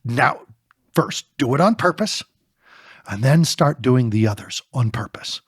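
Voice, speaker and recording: A man co-authoring a book, talking in an animated way in a podcast discussion and firing off rapid rhetorical questions. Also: mid-range voice, husky, no room sound, clean studio sound. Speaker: co-author and speaker.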